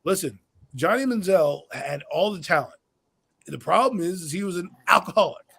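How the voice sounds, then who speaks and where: Male podcast host, high-pitched, blunt and opinionated, casual sports chat. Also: animated, normal speed, vocal fry, fairly bright tone, husky.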